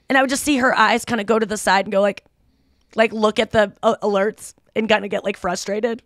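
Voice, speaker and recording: A woman's voice: mid-range voice, a little fast, no room sound, studio quality. A woman in her thirties hosting a podcast, telling a story in casual chat and acting out the voices of the people in it. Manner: animated storytelling, acts out quoted voices. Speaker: podcast host.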